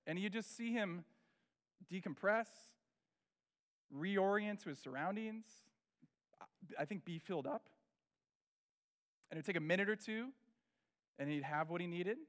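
A middle-aged man preaching a sermon as a pastor, telling a personal story and acting out the voices of the people in it. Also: on the high side. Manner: animated, acts out quoted voices.

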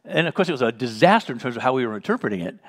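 A man's voice: mid-range voice, sing-song, rapid-fire, a bit bright, breathy edge. Man teaching the Bible through stories. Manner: storytelling, acts out remembered dialogue, chuckles.

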